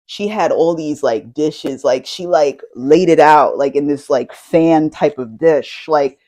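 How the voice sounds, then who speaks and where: A woman hosting a casual chat, telling stories in an animated way with lots of fillers. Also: sits low, takes it slowly. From United States. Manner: animated storytelling with frequent fillers. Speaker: host.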